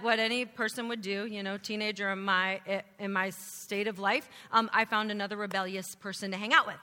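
A woman shares her testimony before a congregation in a bright, fairly high voice. She tells it with animation and often slips into quoting her teenage self. Her voice carries a long hall reverb. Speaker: speaker giving a church testimony. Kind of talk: testimony sermon.

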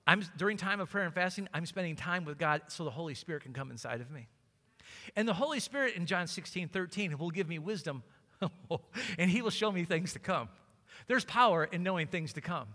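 Pastor, male, fervent preacher acting out scripture, very high pitch, echoing hall. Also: expressive, a little fast, pushed and bright. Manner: preaching with rising fervor, acting out Bible scenes. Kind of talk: sermon.

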